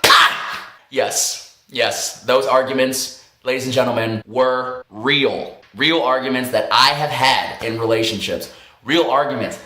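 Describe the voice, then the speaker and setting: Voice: medium pitch, normal speed, a bit bright, a little hiss or hum. A vlogger telling a story in a casual, profane way, laughing often as the story goes. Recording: roomy echo.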